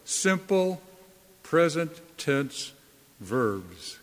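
A man preaching a sermon as a pastor, slow and deliberate, leaning hard on key words. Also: fairly high pitch, very animated, big-room sound.

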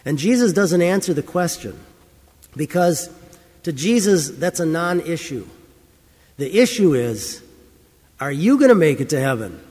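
A man's voice: fairly high pitch, a little mellow, breathy edge, long reverb tail. A man preaching a sermon, reading scripture and telling a story in an earnest, emphatic way. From United States. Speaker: pastor.

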